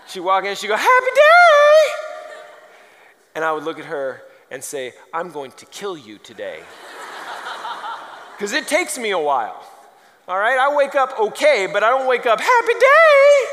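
High-voiced preacher in a reverberant hall. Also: male voice, bright, forceful tone, a little hiss or hum. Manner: storytelling with humor, rhetorical questions. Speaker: pastor. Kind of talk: sermon.

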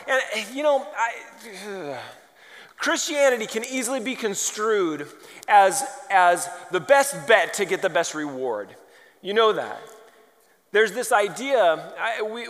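A man preaching a sermon, telling a story in a lively, rambling way and often poking fun at himself. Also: high-pitched. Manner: animated, rambling and self-mocking. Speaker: pastor. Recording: long hall reverb.

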